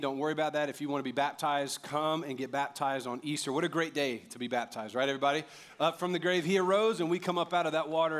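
A pastor in his thirties with a fairly high voice preaches an animated, jokey sermon that builds to loud, emphatic peaks.

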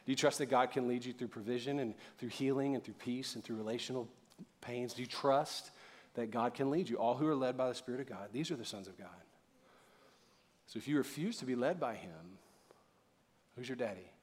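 A middle-aged pastor with a medium-pitched, fairly quick voice delivers a sermon in church. He starts out casual and joking, then builds to loud, fervent preaching.

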